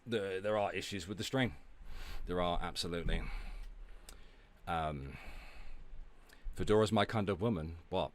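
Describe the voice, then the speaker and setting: A man's voice: low-pitched, a little slow, long pauses. A man streaming, ranting and talking back to his chat, sweary and sarcastic. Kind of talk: ranting livestream commentary.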